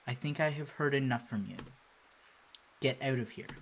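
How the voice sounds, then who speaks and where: A man voicing a harsh, scornful older father in a video game, gruff and contemptuous. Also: medium pitch, moderate pace, a little hiss or hum, natural voice.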